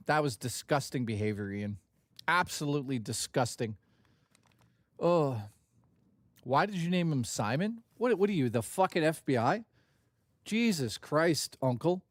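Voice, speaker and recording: Animated, foul-mouthed male streamer. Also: fairly high pitch, no room sound. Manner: animated, profane, joking with chat. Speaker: gaming streamer host. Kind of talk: casual live-stream chat.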